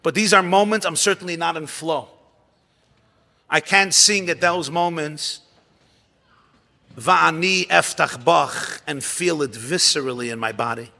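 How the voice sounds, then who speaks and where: Animated rabbi in a reverberant ballroom. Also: male voice, on the high side, moderate pace. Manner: animated, dramatic storytelling with sudden drops to near-whispers. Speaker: rabbi giving a talk. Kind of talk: storytelling sermon at a gathering. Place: large ballroom. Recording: long hall reverb.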